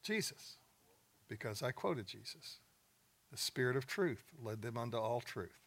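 A man's voice: mid-range voice, animated, unhurried, a bit bright, husky. An older man, a coach, giving a folksy, plain-spoken sermon to a room of men, telling stories with joking asides. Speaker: speaker at a men's gathering. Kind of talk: sermon with storytelling.

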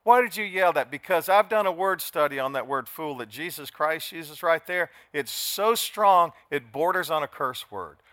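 An older man preaching a dramatic sermon, swinging from quiet asides to sudden shouts. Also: fairly high pitch, animated, moderate pace, hardly any pauses, no room sound, studio quality. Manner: dramatic, shifts from soft to shouting. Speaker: pastor.

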